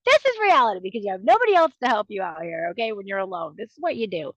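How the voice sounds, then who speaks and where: A woman's voice: medium pitch, big pitch swings, racing, dry recording, dull audio. A woman in her thirties hosting a podcast, talking in a chatty, confiding way and laughing between sentences, with a runny nose. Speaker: podcast host. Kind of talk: casual monologue.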